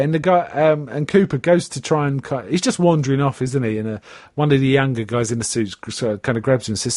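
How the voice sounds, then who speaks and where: A man chatting casually about a TV episode and slipping into high, lively voices for the people in it. His voice sits in a middle pitch and sounds close and dry, as if he is recording in a small treated room. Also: fast, no echo. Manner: animated retelling, pitching up for quoted characters. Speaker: podcast host. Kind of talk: casual chat recapping a TV episode.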